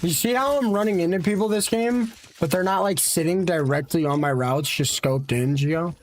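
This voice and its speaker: A man streams a game, chatting offhand with viewers and teammates and casually teasing them. His voice is a little high, at a moderate pace, with slight background noise.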